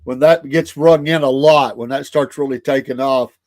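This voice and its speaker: A man's voice: mid-range voice, fairly even intonation, normal speed, darkish tone, no room sound, studio quality. A man co-hosting a morning talk show, chatting casually with plenty of hesitations and filler words. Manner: chatty, hesitant with frequent uhs.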